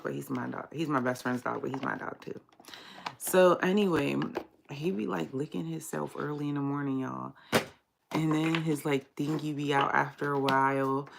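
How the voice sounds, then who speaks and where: Low gravelly-voiced woman reading cards. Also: noisy background. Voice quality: gravelly morning voice. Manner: relaxed, low-key and chatty, says her morning voice is monotone. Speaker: tarot card reader. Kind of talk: casual livestream card reading.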